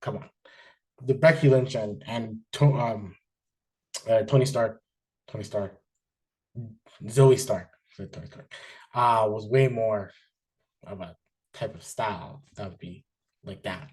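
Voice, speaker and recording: A man hosting a wrestling podcast, chatting casually with many fillers and restarts, getting animated when excited. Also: on the low side, a little slow, long pauses. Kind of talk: casual chat, reviewing wrestling.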